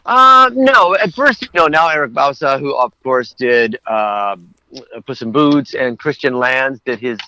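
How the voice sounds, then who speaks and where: A man's voice: medium pitch, animated, unhurried, pushed and bright, no room sound, rough recording. A man who works as a voice actor, chatting as a guest in a casual interview and telling rambling anecdotes.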